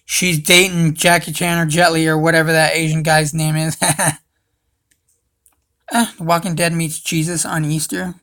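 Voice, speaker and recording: A man's voice: a little high, little pitch movement, normal speed, fairly bright tone. A young man hosting a casual livestream, rambling and swearing, calling everyone dude. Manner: rambling, profane, says dude a lot. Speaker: livestream host.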